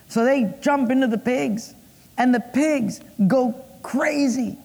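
Male pastor, high voice, echoing hall. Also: slow pace, creaky, darkish tone. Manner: playful, acts out voices, puns for laughs. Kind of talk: sermon. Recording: long echo of a large hall.

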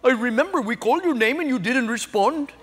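A man voicing a calm, amused male airline gate agent with an Indian accent, speaking slowly and dryly. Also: very high-pitched, breathy edge, big-room sound, pitched above the performer's own voice, full character voice. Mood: wry.

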